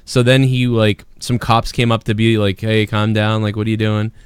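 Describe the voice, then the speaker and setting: Dude hosting a live stream, smooth clean voice, dry sound, swears a lot and tells stories. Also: male voice, fairly low pitch, monotone, moderate pace, no room sound. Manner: profane, laughing, storytelling. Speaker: podcast host. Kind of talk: casual live-stream chat.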